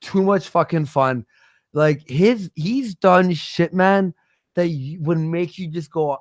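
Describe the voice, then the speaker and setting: A man's voice: fairly high pitch, slow, dry recording, studio quality. A man rambling through profane stories in a casual livestream chat.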